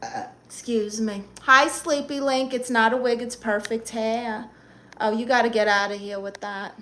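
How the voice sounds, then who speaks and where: A man's voice: very high voice, steady tone, normal speed. A man playing a sassy, flirty middle-aged aunt with a Spanish accent, hosting a live-stream comedy chat in a brassy, teasing, dramatic way. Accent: Spanish-accented English. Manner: brassy, teasing, dramatic, greets fans warmly. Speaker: livestream host.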